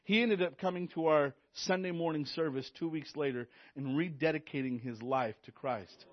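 A man, a youth pastor, preaching a sermon with excited energy, repeating phrases and stammering on restarts. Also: a little high, moderate pace, few pauses, muffled recording. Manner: enthusiastic, repetitive, stammers on restarts.

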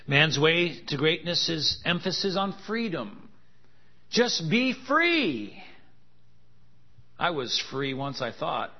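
A man's voice: a little high, measured pace, hardly any pauses. A man preaching a sermon, with joking, laughing asides and emphatic contrasts that build in intensity. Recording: dull lo-fi sound.

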